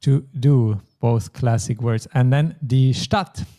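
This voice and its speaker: A man's voice: medium pitch, takes it slowly, warm tone. A man teaching a language lesson, explaining patiently step by step. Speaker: German teacher.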